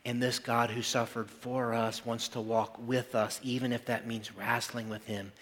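A male pastor giving a sermon in a church service, with slow, emphatic, pleading phrasing and repeated lines. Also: mid-range voice, little pitch movement, a bit bright.

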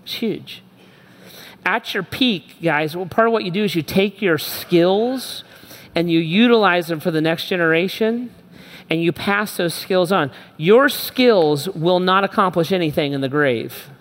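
A man's voice: high voice, measured pace, a bit bright. A middle-aged male pastor preaching a sermon, emphatic and repetitive, speaking straight to his listeners. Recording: long hall reverb.

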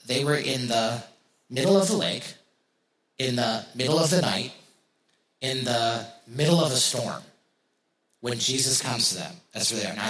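A man's voice: mid-range voice, fairly bright tone. A man preaching a sermon as pastor, talking casually to his congregation, asking rhetorical questions and repeating key phrases for emphasis. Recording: roomy echo.

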